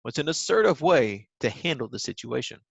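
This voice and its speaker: A man's voice: medium pitch, expressive, fairly quick, gravelly, slightly rough, no room sound, muffled recording. A man teaching a recorded lesson to young children, patient and simple in his wording, with many ums.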